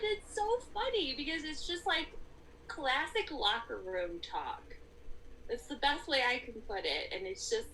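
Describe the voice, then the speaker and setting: A woman's voice: sits high, lively intonation, normal speed, bright, forceful tone, slight background noise, rough recording. A woman co-hosting a book podcast, chatting casually and animatedly, laughing often and acting out scenes. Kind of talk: casual book review chat.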